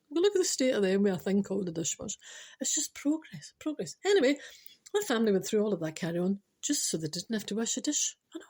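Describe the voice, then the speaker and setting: A husky, darkish, medium-pitched voice belongs to a Scottish woman in her forties who tells a rambling comic story. She chats on, interrupts herself, repeatedly says "I know," ad-libs and drifts into digressions.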